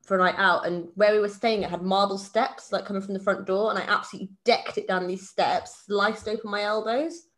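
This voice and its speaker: Woman, about thirty, podcast co-host, chatty and animated telling stories. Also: medium pitch, fairly quick, few pauses. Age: around 30. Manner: chatty storyteller, animated when telling anecdotes. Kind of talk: casual chat.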